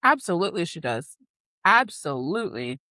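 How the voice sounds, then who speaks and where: A woman's voice: fairly low pitch, sing-song, normal speed, bright, forceful tone, no echo. A woman co-hosting a book podcast, chatting casually and throwing in teasing, blunt remarks. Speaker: podcast co-host. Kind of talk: casual chat.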